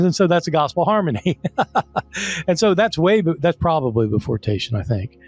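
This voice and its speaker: A man's voice: on the high side, expressive, moderate pace, husky. A man explaining as a guest scholar in an interview, conversational, with many fillers and restarts.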